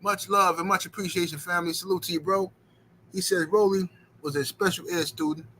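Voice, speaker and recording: A man's voice: high voice, fairly even intonation, brisk, pushed and bright, slight background noise, low-quality recording. A man hosting a boxing livestream, rambling in slangy casual chat and filling it with "you know what I'm saying.".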